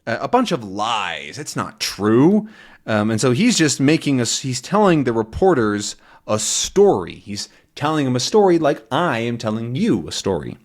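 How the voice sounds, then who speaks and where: A man's voice: mid-range voice, big pitch swings, moderate pace. A man teaching English to learners by reading a comic aloud and explaining its words in plain language.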